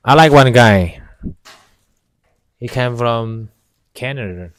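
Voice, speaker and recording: A man from China, whose first language is Chinese, talking casually to the camera by a campfire outdoors in halting English, often pausing to search for words. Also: mid-range voice, dry recording. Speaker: vlogger.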